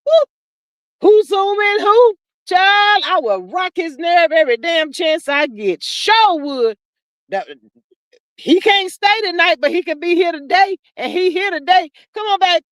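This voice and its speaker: A woman's voice: very high voice, animated, unhurried, a bit bright, no room sound. Theatrical woman gossiping on a livestream. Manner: theatrical, acts out scenes in first person. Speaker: livestream host reading chat. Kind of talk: casual gossip commentary.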